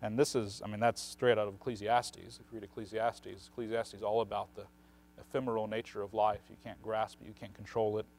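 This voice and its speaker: A man teaching on the Bible in a relaxed, conversational way, explaining at length and often checking in with a questioning "right?". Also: on the low side, fairly quick.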